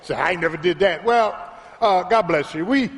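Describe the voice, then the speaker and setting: Pastor, male, high and animated voice, preaching in a reverberant church hall. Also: normal speed. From Philadelphia. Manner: preaching with call-and-response, rising to shouts; drops to a low, quiet storytelling voice. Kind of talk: sermon. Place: church sanctuary.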